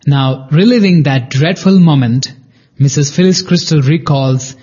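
A man reading a dramatic true story as a scripted narration, measured and slowing on key phrases. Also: a little high, dark tone, husky. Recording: dull lo-fi recording.

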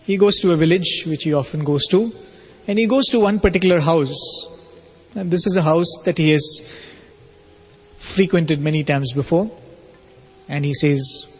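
A man telling a spiritual story as a sermon, in a measured, explanatory way. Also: fairly high pitch, steady tone, breathy edge. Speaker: spiritual speaker. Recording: long hall reverb.

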